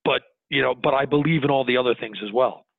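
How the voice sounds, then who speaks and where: A man, a business owner, talking earnestly in an interview, animated and restarting his sentences as he goes. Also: medium pitch, fast, gravelly, no room sound. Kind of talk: conversational interview. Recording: tinny phone-line audio, dry.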